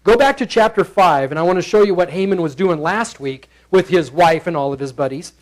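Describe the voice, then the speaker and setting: A high-pitched male pastor preaching from the pulpit, playful and animated as he acts out the characters. He talks to the congregation like a friend, breaking into quick voices for each character. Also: rough recording. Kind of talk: expository sermon. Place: church sanctuary.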